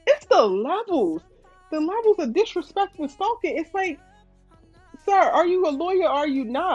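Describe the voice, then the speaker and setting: A woman's voice: sits high, no room sound. Woman, recap host, exasperated chatty delivery, dry lo-fi track. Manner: animated, exasperated, reads viewer comments. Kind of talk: casual recap commentary.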